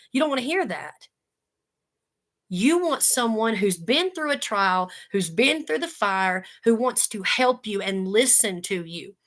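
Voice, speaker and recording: A woman's voice: a little high, a bit bright. Earnest woman teaching the Bible casually. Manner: conversational and earnest, with folksy asides. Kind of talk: casual Bible study talk.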